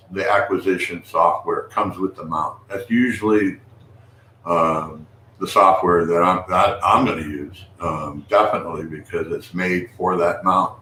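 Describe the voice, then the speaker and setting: A man with a low, sharp-toned voice hosts a casual live stream, rambling, restarting his sentences, and calling out to viewers. The room is echoey, with faint noise.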